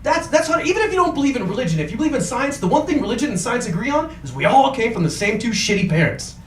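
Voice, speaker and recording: A man's voice: very high voice, very animated, fast talker. A man performing a stand-up comedy set on a club stage, ranting through punchlines and acting out his friends' voices. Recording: echoey club room with crowd noise.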